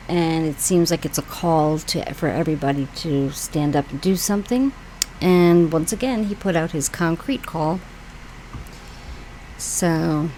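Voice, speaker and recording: A woman from New York with a lowish voice talks through posts for her own channel, reading them aloud and then musing on them. She rambles casually, with many fillers and restarts, while a faint hum of background noise sits under her voice. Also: dark tone, rough recording. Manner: rambling, conversational, with frequent fillers and asides. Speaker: channel host.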